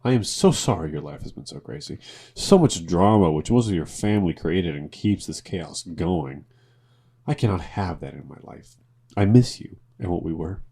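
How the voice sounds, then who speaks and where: A man's voice: low-pitched, lively intonation, normal speed, warm tone, breathy edge. A tipsy man co-hosting a podcast, reading posts aloud in a pompous, mock-dramatic voice and breaking off to swear. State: tipsy from drinking. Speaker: podcast co-host.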